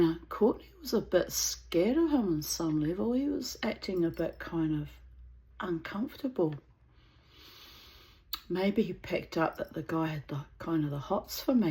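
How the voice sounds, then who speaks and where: Woman vlogger, unhurried and low-pitched, blunt, profane storyteller. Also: creaky, mellow. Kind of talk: storytelling to camera.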